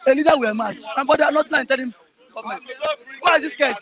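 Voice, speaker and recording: A Nigerian man arguing politics forcefully, talking over others and repeating himself. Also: extremely high pitch, rapid-fire, a crowd in the background. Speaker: interviewee. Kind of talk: heated political argument.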